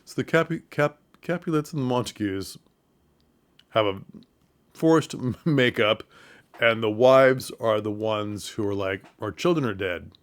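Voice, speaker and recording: A man casually retelling a comedy film's plot for theatre makers, with chuckles and quick put-on voices for the characters. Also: clean tone. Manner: animated retelling, quick falsetto bits for quoted characters; chuckles through the telling. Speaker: theatre commentator. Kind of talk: casual film recap.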